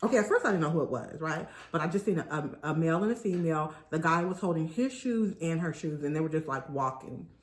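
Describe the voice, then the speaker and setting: A young woman vlogger chatting casually to viewers while eating, telling a story in an animated way. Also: deep voice, fast, hardly any pauses. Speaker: mukbang vlogger.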